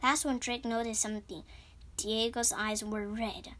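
Woman, reading a storybook aloud, plain, unhurried, small slips, fairly high voice. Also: little pitch movement, fairly bright tone, a little hiss or hum. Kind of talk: reading a children's chapter book aloud.

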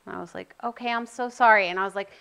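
A young woman and mother telling a personal story in casual chat, animated and full of "like", acting out what people said. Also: medium pitch, very fast, creaky, clean tone. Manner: animated, acts out quotes, says "like" often. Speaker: mother of an autistic son.

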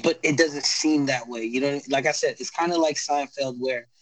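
A man's voice: mid-range voice, normal speed, no echo, low-quality recording. A man in a casual podcast chat, rambling and laid-back as he recaps a TV show, full of slang and restarts.

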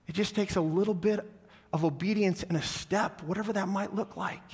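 A male pastor tells a story during a sermon and grows softer and lower as he invites the church to respond. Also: fairly even intonation, normal speed, husky. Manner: storytelling, falls soft and low when inviting. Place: church sanctuary. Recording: long hall reverb.

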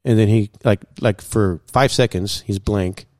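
Low mellow-voiced man telling a story. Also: unhurried, no room sound, clean studio sound. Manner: animated, acts out quoted dialogue, many fillers. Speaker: guest. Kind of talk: casual storytelling.

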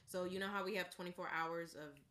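Woman, bright tone, rambling, lots of "like", casual podcast chat. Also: lowish voice, steady tone, fast talker. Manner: rambling, uses "like" a lot.

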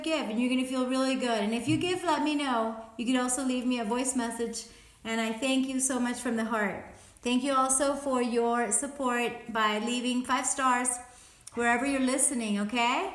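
Breathless woman podcast host, high voice, upbeat self-coaching, echoey room. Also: fairly bright tone. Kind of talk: casual motivational chat while exercising.

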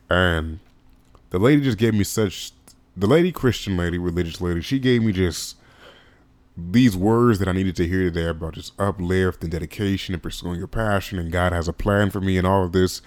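A man with a very low voice talks through a solo podcast episode, loose and rambling, tacking "man" onto his sentences. The sound is dry and close, with little room around it. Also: no room sound. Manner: rambling, casual, emotional, says "man" often. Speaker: podcast host.

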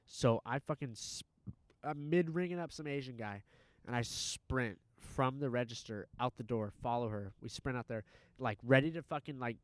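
A man recounts a story in casual conversation, animated and heavy on profanity and filler words. His voice sits at an ordinary pitch. The recording is dry and close. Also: moderate pace, no echo. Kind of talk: casual chat.

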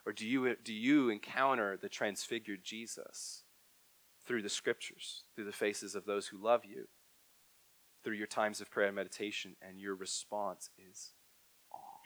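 A man preaching a sermon, swinging from loud emphatic bursts to hushed, near-whispered lines. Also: on the low side. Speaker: pastor. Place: church hall.

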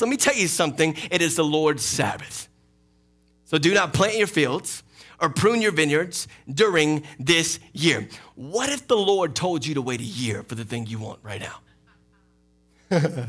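A man preaching a sermon as pastor, lively and playful, acting out quoted voices and laughing often. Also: a little high, a little slow. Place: church sanctuary.

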